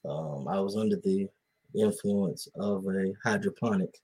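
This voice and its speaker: A laid-back man in an easy conversation, his voice a little low and husky. He muses in slangy, unhurried phrases. Now and then he speeds up as he gets into a point. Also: dark tone, low-quality recording. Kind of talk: casual chat.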